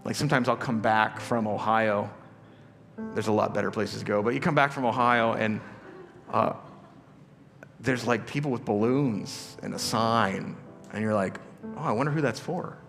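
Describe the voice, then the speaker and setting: A man's voice: fairly low pitch, normal speed, creaky, long pauses. A male pastor giving a conversational sermon to his church, full of rhetorical questions and casual asides. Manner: casual, questioning, with many asides and repeated starts. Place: church auditorium. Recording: live church hall reverb with soft music.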